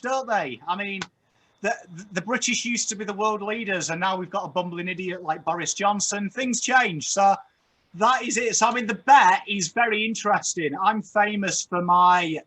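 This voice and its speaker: A man's voice: high-pitched, bright, forceful tone. A man trading jokes in casual banter, wry and joking. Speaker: guest.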